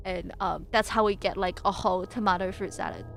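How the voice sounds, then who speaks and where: A woman's voice: mid-range voice, fairly even intonation, fairly quick, creaky, soft background music. A young woman streaming as a VTuber, chatting and reading aloud in a rambling, giggly way with many fillers and restarts. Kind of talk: casual livestream chat and reading.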